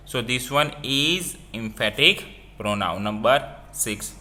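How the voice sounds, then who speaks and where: A man teaching a grammar lesson, explaining slowly and repeating each example with phrasing. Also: medium pitch, bright, forceful tone. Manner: slow, repetitive explaining with non-native phrasing.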